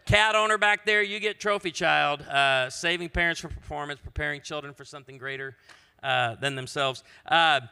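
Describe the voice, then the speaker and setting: A man speaks from the stage as a pastor, telling funny stories with quick asides. His voice is bright and sits a little high. It carries a long reverb from a large hall. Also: gravelly, smooth. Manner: storytelling with comic asides. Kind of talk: humorous conference talk.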